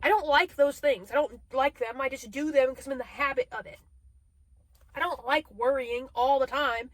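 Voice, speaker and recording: High-voiced woman rambling in a video diary. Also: normal speed, no room sound. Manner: rambling, animated, swearing freely. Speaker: video diarist. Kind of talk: casual confessional video diary.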